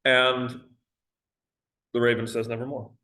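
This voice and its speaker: A man's voice: medium pitch, normal speed, rough recording. A male teacher giving a recorded lecture on a poem, talking casually with many fillers and reading verse aloud with drama.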